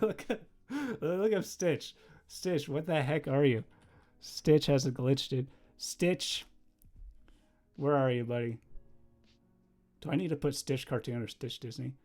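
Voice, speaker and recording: A young man chatting casually on a livestream while he draws, rambling and easily distracted, laughing often and bursting into loud excited exclamations. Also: medium pitch, a little slow, pauses often. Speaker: livestreaming animator.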